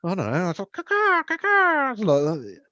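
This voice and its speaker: A young man co-hosting a podcast, telling stories with lots of swearing and animated voices. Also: a little high, fast talker, dry recording, muffled recording. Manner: swears a lot, animated storytelling. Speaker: podcast co-host. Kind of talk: casual chat.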